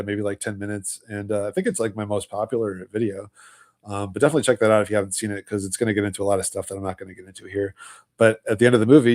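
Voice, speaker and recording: A man hosting a casual livestream, hoarse with his voice almost gone, tired, rambling through loose explanations. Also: lowish voice, darkish tone. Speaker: livestream host.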